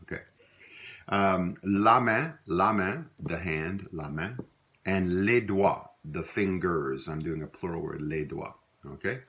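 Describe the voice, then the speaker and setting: A middle-aged man with a Louisiana accent gives a casual spoken language lesson. His voice sits very low. He rambles easily, using fillers and correcting himself mid-sentence. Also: a little slow. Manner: relaxed, rambling, with many fillers and self-corrections. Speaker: language teacher.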